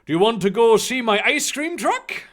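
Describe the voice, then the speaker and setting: Guy doing a booming cheery fake irish accent for a big bearded man, higher and louder than his normal voice, friendly as anything. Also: big pitch swings, moderate pace, exaggerated voice. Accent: put-on Irish.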